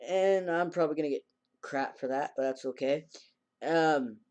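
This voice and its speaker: A man's voice: fairly high pitch, a little mellow. A man casually recapping an anime episode in a rambling way, acting out the characters' lines in a raised voice. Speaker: anime reviewer.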